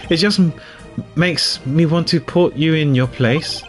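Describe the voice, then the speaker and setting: A man doing a condescending, gloating game villain, an older chairman who savours belittling his foe. The voice sits a touch high and is read over faint game music. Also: unhurried, natural voice. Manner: condescending, taunting.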